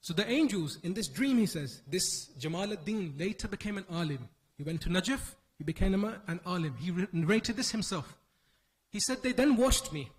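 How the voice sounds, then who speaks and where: At a religious gathering, a man delivers an emotional mourning sermon, telling the story slowly, solemnly, and mournfully. His voice sits high and is expressive, and the recording quality is low.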